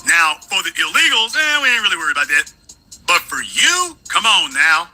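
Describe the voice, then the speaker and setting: Brief: male commentary host, high and piercingly bright, sarcastic, repeats himself. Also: big pitch swings, normal speed, faint music behind, poor audio. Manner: emphatic, sarcastic, repeats lines for effect. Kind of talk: political commentary.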